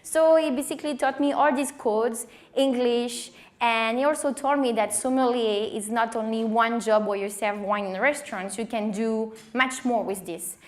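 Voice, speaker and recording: A woman in her thirties with a French accent and a small voice, telling her career story in a lively conference talk with many fillers. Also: a little high, moderate pace, hardly any pauses. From France. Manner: animated, acts out quoted dialogue, many fillers. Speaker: wine director giving a conference talk.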